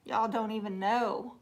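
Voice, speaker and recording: A woman with a Southern accent from Texas, hosting a casual livestream, reading viewer comments aloud and answering them in a chatty, teasing way with frequent laughter. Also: fairly high pitch. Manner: chatty and teasing, laughs often, drops to soft asides. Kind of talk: casual live chat.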